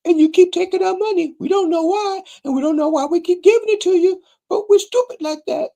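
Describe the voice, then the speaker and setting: Shrill gushing fan falsetto. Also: male voice, fairly quick, gravelly, warm tone. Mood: fawning. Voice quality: squeaky mocking falsetto. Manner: sing-song, fawning, mocking.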